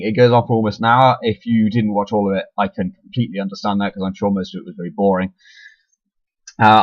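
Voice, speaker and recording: A man's voice: sits low, darkish tone, no echo. A young man talking casually into his webcam, rambling and self-deprecating, with lots of restarts and the hiccups. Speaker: YouTuber. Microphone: webcam mic. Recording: dull lo-fi webcam audio, dry.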